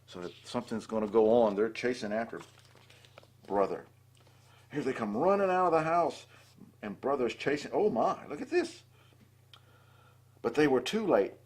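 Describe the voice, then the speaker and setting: An older man with a husky voice reading a children's storybook aloud and adding chatty asides between the lines. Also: medium pitch, expressive, moderate pace, pauses often, darkish tone. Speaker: storybook reader.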